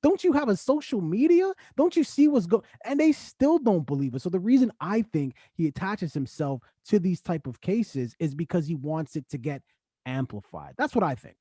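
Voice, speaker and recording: A man co-hosting a casual podcast, talking in an animated way and rising into excited outbursts. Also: high-pitched, normal speed, slightly rough, dry recording, studio quality. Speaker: podcast co-host.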